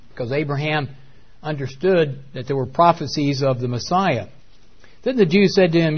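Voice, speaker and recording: Preacher, male, slightly high voice, halting delivery full of fillers, lo-fi audio. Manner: hesitant with many fillers, emphatic on key words. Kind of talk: Bible teaching sermon.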